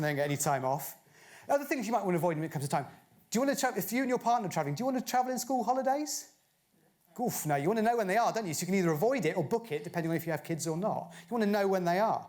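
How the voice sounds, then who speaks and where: A man's voice: sits high, expressive, racing, darkish tone. A man from Bristol gives a chatty conference talk, firing rhetorical questions at a live audience. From Bristol, England. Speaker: conference speaker. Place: conference stage.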